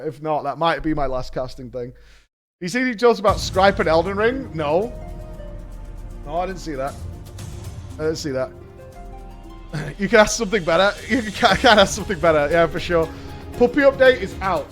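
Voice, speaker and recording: A man with a hoarse voice chatting excitedly with his stream audience, swearing freely and repeating himself as he reads chat. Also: fairly high pitch. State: hoarse from shouting. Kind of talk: casual chat with a live audience.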